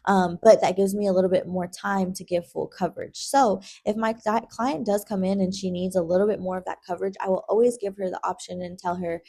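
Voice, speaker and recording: A woman's voice: medium pitch, darkish tone. A young adult woman, a lash artist, talking the viewer through a tutorial in a chatty, casual way, calling them girl and checking in with "okay?". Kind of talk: tutorial vlog with casual chat.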